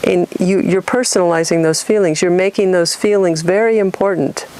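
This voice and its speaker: A woman's voice: on the low side, fairly even intonation, moderate pace, warm tone. A middle-aged woman from California giving an earnest spiritual talk, acting out inner voices and asking rhetorical questions. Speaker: spiritual teacher.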